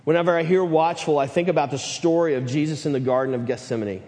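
A man preaching a sermon, swinging between loud emphatic build-ups and hushed lines. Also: fairly high pitch, quick pace, in a large hall. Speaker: pastor.

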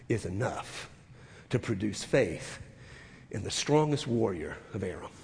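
A man preaching a sermon as a pastor, retelling scripture with emphatic repetition and dropping to soft, intense moments. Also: medium pitch, gravelly, husky. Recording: long reverb of a large hall.

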